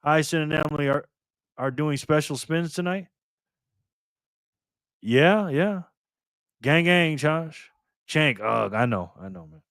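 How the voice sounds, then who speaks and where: A man hosting a casual livestream, calling out viewers and donations with upbeat shout-outs. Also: a little high, animated, takes it slowly, pauses often, no room sound, studio quality. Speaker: livestream host.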